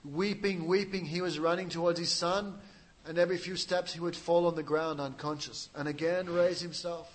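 A man's voice: fairly high pitch, steady tone, normal speed, low-quality recording. A man preaching a sermon, telling a story with dramatic, emotional delivery and acting out the quotes. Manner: laughs at his own jokes.

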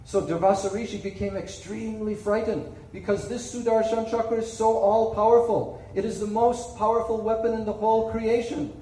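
High-voiced man telling a sacred story. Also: fairly even intonation, moderate pace, few pauses, warm tone. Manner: dramatic storytelling with checking "Hmm?" asides. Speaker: spiritual speaker. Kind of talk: sermon storytelling. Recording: echoey room, distant mic, faint ambience.

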